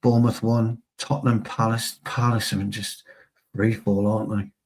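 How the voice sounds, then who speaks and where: A man with a fairly low voice, chatting casually about football as a co-host. His talk is full of banter and asides to his partner. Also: little pitch movement, moderate pace. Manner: chatty, banter-filled, addresses co-host as pal. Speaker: fan channel co-host. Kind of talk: casual football fan chat.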